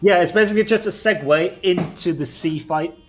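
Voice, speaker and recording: A man explaining game clips as a guest analyst in a casual, relaxed way. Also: sits high, brisk, soft background music.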